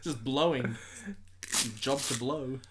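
A man co-hosting a casual comedy podcast, making playful deadpan wordplay. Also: medium pitch, takes it slowly, crowd noise. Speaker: podcast co-host.

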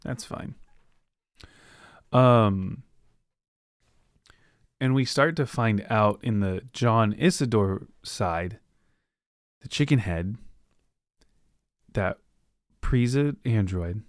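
A fairly low-pitched man talks through a novel's plot on his podcast, rambling and tossing in quick quoted asides. The sound is dry and close, with no room around him. It comes across as relaxed recap chatter from home. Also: no room sound. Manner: rambling, retells scenes with loose quoted asides. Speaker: podcast host. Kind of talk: casual book recap.

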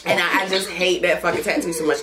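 A woman's voice: fairly low pitch, fairly even intonation, quick pace. A woman hosting a podcast, chatting casually in a frank, profane way, often laughing as she tells stories. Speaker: podcast host. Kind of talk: casual chat.

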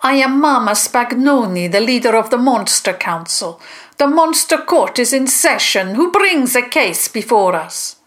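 A woman's voice: on the high side, lively intonation, slow pace, a bit bright, voice pushed up. A woman voicing a shape-shifting female monster leader who speaks formally and commandingly, in a children's storybook reading.

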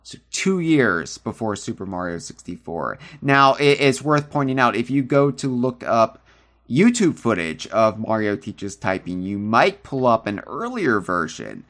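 A man's voice: medium pitch, sing-song, a little slow, fairly bright tone. A man co-hosting a podcast, chatting casually and rambling with restarts and fillers. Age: adult, calls himself old. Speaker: podcast co-host.

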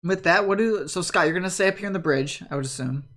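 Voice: medium pitch, quick pace, fairly bright tone. A game master narrating a tabletop game in a loose, chatty way.

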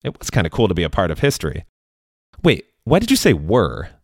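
Lively low-voiced male storyteller. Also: brisk, dry recording. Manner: wry, deadpan asides. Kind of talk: first-person story narration.

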